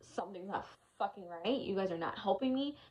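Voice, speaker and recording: A young woman vlogger recounts a personal story in a casual video, speaking fairly quickly in a mid-range, darkish voice with lively intonation on a low-quality recording. She's frank, emotional, and exasperated, swearing often as she tells it.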